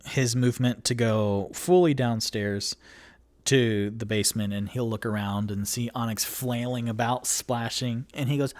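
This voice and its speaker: Acting as dungeon master for a solo tabletop session, a man with a mid-range voice narrates at a measured pace. He rambles animatedly and leans heavily on filler words.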